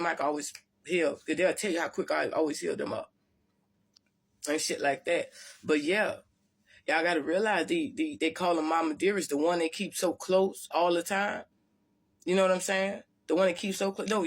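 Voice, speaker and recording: A woman vlogger telling her story to viewers in a blunt, profane, rambling way with many restarts. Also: fairly low pitch. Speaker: spiritual vlogger.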